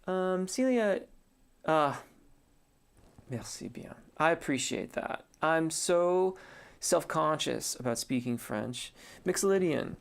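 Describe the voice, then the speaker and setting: A man, a singing teacher, answers viewers' questions in a relaxed live stream, thinking aloud with many fillers. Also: a little high, slow pace, vocal fry, clean tone. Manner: reads viewer comments aloud and answers them. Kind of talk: casual live-stream chat.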